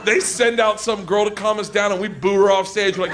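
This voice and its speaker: A middle-aged man telling a rowdy, profane story as a stand-up comedian on a club stage, breaking into shouted chants. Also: high-pitched, brisk, hardly any pauses. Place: comedy club stage before a laughing crowd. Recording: live club recording with loud audience noise.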